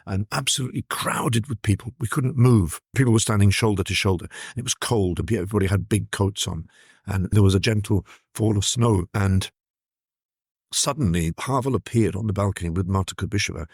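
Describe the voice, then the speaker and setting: Deep-voiced older man recalling events. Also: a little mellow, dry recording, studio quality. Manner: thoughtful, vivid recollection with hesitant restarts. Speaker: journalist guest. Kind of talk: reflective storytelling in an interview.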